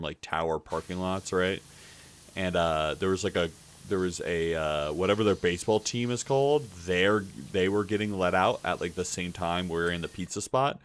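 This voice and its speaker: A man's voice: sits low, fairly bright tone. A man streaming live, telling a story in a rambling, casual way, with lots of fillers and swearing.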